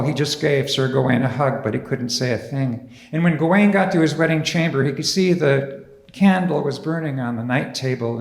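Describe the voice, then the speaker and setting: Gravelly, fairly high male storyteller, animated live telling, echoey church hall. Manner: animated, dramatic.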